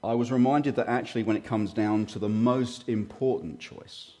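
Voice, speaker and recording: A man's voice: mid-range voice, fairly even intonation, normal speed, mellow. A man in his fifties preaching a sermon with a slight frog in his throat, talking conversationally with hesitant fillers and self-deprecating asides. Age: 50s.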